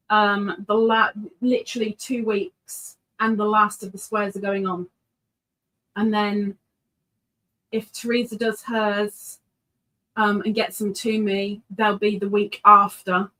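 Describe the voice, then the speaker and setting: A woman's voice: medium pitch, a bit bright, rough recording. A middle-aged woman hosting a casual livestream, chatting playfully and reading viewers' messages aloud. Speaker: livestream host.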